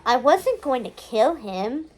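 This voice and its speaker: Gleeful middle-aged witch mum, giddy and gushing, a bright high voice, put on by a woman reader. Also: sing-song, takes it slowly, full character voice. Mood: defensive.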